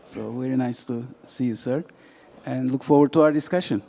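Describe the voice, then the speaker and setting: A man's voice: mid-range voice, normal speed, creaky, mellow. An older man addresses a conference panel with earnest sincerity. His voice sits in the middle range for a man. A faint hiss sits behind it. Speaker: aviation consultant, panelist.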